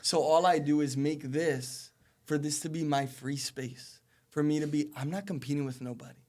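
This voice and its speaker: A man's voice: fairly high pitch, steady tone, normal speed, darkish tone. A man in his twenties, a college soccer player, talking earnestly as a podcast guest and repeating phrases for emphasis. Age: 20s. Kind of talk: casual podcast conversation.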